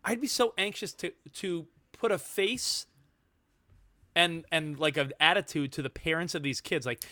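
A man's voice: fairly high pitch, moderate pace, bright, forceful tone, no echo. A man co-hosting a casual chat, teasing and cracking jokes. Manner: teasing and wisecracking. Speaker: podcast co-host.

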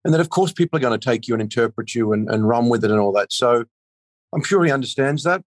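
A man's voice: mid-range voice, lively intonation, quick pace, no echo. A man being interviewed as an actor, rambling in casual chat with many restarts and filler phrases. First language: not a native of the country he is speaking about.

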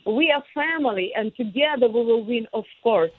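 A woman with a Ukrainian accent, a guest on a remote interview, speaking with passion, halting with many fillers and restarts. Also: on the high side, lively intonation, soft background music. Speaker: guest, singer and former lawmaker. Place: in Kyiv, remote. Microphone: phone line. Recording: tinny dry phone line.

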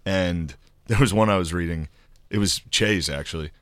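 A man's voice: low-pitched, moderate pace, no room sound, clean studio sound. A man who is a guest comedian, chatting casually on a podcast in a loose, profane, self-deprecating way.

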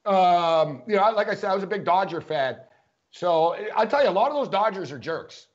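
A man's voice: sits high, expressive, brisk, lo-fi sound. A man co-hosting a sports podcast, telling rambling anecdotes full of "like" and "you know" in casual chat.

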